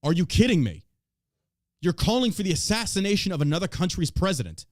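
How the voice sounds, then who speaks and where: A man's voice: sits high, very animated, a little fast, darkish tone, no echo, studio quality. A man hosting a podcast, ranting in heated, profane and emphatic bursts. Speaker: podcast host. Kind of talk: ranting political podcast talk.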